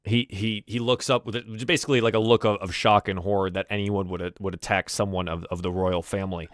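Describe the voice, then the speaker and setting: A man narrating a tabletop game as game master, pausing often to find his words. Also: lowish voice, steady tone, no room sound, studio quality. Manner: halting, searching for words.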